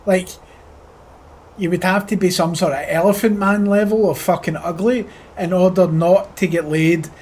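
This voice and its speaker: A man's voice: sits high, steady tone, moderate pace, a little mellow. A Scottish man chatting casually on a flight sim live stream, full of crude, profane joking banter with his chat. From Scotland.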